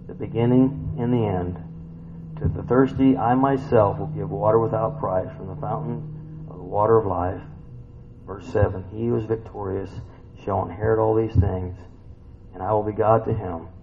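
A man in his fifties preaching a sermon in a folksy, conversational way, tossing in rhetorical questions and swinging from loud, high bursts to quiet, low reading. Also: a little hiss or hum. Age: 50s. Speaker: pastor. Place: church sanctuary. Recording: dull, lo-fi church recording with faint ambience.

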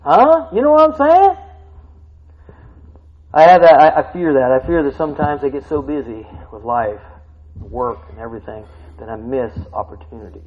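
A middle-aged male pastor preaching a sermon, tired, animated, swinging from quiet talk to shouting. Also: mid-range voice, moderate pace. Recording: dull lo-fi recording.

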